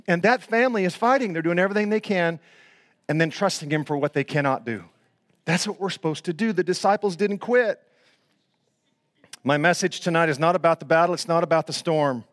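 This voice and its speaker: A man in his sixties preaching a sermon, swinging from loud, excited storytelling to hushed, almost whispered moments, with casual slangy asides. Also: on the high side, fairly quick. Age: 60s. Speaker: pastor.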